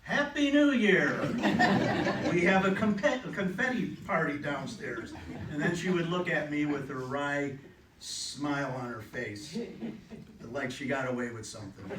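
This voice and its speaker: A middle-aged man giving a eulogy for his mother, telling stories with gentle humor. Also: mid-range voice, background noise. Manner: heartfelt, gently humorous storytelling. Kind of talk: memorial eulogy. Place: funeral home chapel. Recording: echoey room, distant mic, faint ambience.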